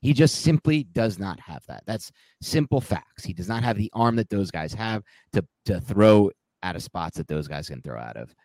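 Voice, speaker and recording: A man's voice: fairly low pitch, lively intonation, moderate pace, few pauses, darkish tone, dry recording. A man co-hosting a sports podcast, breaking down a game in loose, rambling talk, correcting himself and laughing at his own slips. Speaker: podcast co-host. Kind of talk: casual sports podcast analysis.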